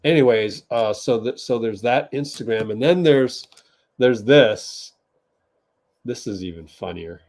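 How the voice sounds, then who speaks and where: A man hosts a casual livestream watch party from his desk. He speaks slowly in a mid-pitched voice, laughing often as he chats with viewers. Keyboard typing clicks away behind him. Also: a little mellow. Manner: laughs often, talks to chat while typing.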